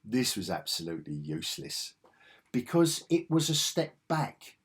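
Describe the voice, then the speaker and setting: A man in his fifties rambles eagerly through a nostalgic vlog, his voice husky and a little rough. He takes his time, drawling and circling back on his own words as he goes. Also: lowish voice, very animated, a little slow. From England. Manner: enthusiastic and rambling, with frequent restarts. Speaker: comics vlogger. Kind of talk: casual nostalgic monologue.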